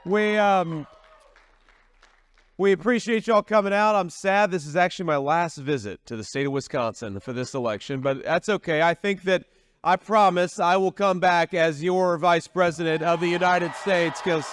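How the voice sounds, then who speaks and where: A man's voice: high voice, normal speed, smooth, no room sound, studio quality. A man giving a campaign rally speech, talking in a folksy, repetitive way with frequent restarts. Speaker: political candidate at a rally.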